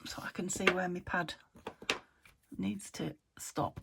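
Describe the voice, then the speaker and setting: A British woman hosting a crafting vlog from an upstairs room at home, rambling and talking to herself as she works, often trailing into soft murmurs. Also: on the low side, steady tone, slow pace, gravelly. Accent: British English. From United Kingdom. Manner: rambling, talks to herself while working, drops into soft murmurs. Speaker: crafting channel host. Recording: home recording with noticeable background noise.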